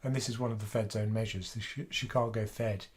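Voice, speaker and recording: A man's voice: lowish voice, fairly even intonation, fairly quick. A man hosting a finance livestream from home, with a sore throat, talking casually and thinking aloud with fillers. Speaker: finance channel host.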